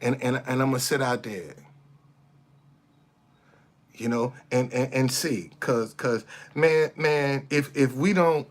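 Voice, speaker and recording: A man venting straight into his camera in a blunt, foul-mouthed rant. He hammers the same phrases again and again and trips over quick restarts when heated. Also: mid-range voice, steady tone. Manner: blunt, profane, repeats himself for emphasis; stammers and restarts when fired up. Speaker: vlogger. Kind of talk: impassioned monologue to camera.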